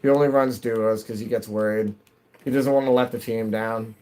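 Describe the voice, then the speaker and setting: A man's voice: lowish voice, fairly even intonation, normal speed, mellow, a little hiss or hum. A middle-aged man chatting casually while streaming a game at home, rambling and restarting, his nose a little stuffy. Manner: rambling, self-interrupting, chatty. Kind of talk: casual chat while gaming.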